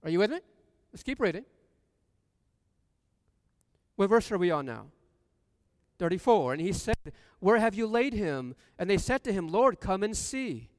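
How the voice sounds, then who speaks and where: High-pitched guy preaching a sermon, smooth clear voice, reads scripture and keeps asking the crowd questions, long hall reverb. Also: very animated, normal speed. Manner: asks the congregation questions, rising to loud emphasis.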